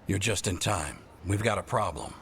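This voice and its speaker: A man's voice: lively intonation, normal speed, vocal fry, a little hiss or hum. An actor playing a stern male elf ranger leader who guards his forest, speaking in a commanding tone in a video game. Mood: grim, determined. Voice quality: very deep, commanding.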